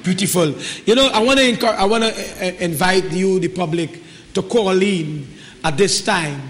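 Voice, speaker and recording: A man's voice: high voice, normal speed, a bit bright. A man with a Trinidadian accent hosting a live call-in talk show, encouraging and repeating himself. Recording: reverberant studio sound.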